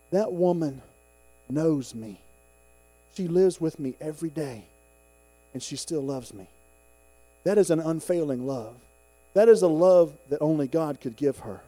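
High, mellow-voiced fervent male preacher. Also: no room sound. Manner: fervent, swelling to emphatic peaks then dropping low; personal, folksy storytelling with congregation asides. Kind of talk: sermon.

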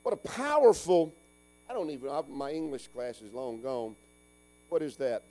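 A middle-aged man preaching a folksy call-and-response sermon, swinging between loud urging and hushed asides. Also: mid-range voice, animated, normal speed. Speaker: pastor.

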